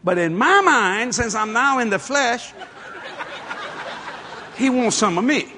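A man preaching a sermon through a story, acting out the people in it and working up to loud shouts. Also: very high-pitched, slow pace, a crowd in the background, noisy background. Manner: animated, acts out the people in his stories, climbs to shouting.

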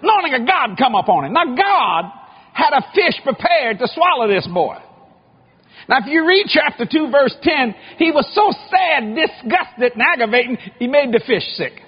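A male preacher giving a joking, animated sermon, often shouting, heard on a lo-fi recording. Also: extremely high pitch, moderate pace, slightly rough. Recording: lo-fi muffled recording.

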